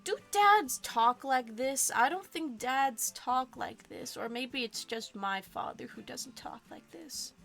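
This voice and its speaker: A woman's voice: high voice, lively intonation, slow pace, creaky, hardly any pauses, a bit bright, faint music behind. A woman streaming a game live, reading it aloud with goofy, rambling asides. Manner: goofy, rambling, self-joking.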